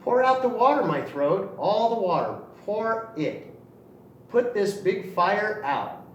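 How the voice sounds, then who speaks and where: A tiny, stubborn storybook rooster, put on by a man crows in high, shrill bursts and swings wildly up and down. It keeps insisting on what it is owed. The sound is roomy and picked up from a distance. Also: sing-song, a little slow. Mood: chanting. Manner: shrill crowing, insistent demands. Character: small plucky male rooster, stubborn and loud. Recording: roomy echo, distant mic, faint noise.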